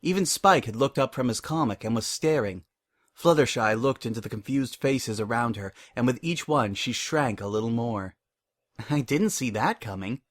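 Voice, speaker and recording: A man narrating a story in a measured, expressive dramatic reading. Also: medium pitch. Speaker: reader.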